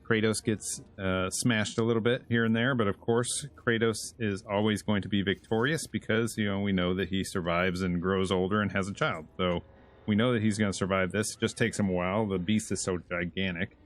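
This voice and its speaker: A man hosting a casual comic book review, retelling the story in an animated way and chuckling as he goes. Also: fairly low pitch, brisk. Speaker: host.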